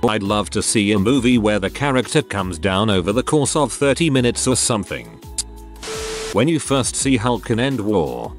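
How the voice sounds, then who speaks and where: A man with a lowish voice narrates a string of online posts, his pitch rising and falling freely as he reads. He leans into sarcastic asides. Soft music plays underneath. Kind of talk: scripted narration.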